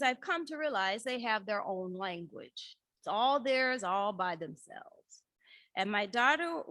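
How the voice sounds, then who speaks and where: A middle-aged woman giving a conference workshop talk, telling lively stories and acting out conversations with her teenage daughter. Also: fairly high pitch, no room sound. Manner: animated storyteller, acts out dialogue with her daughter. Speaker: workshop speaker.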